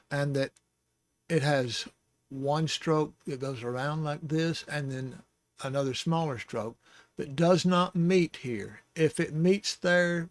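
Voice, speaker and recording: A man with a slightly high voice teaches the Hebrew alphabet in a slow, patient, casual lesson, dropping in little jokes and chuckling as he goes. The recording is dry.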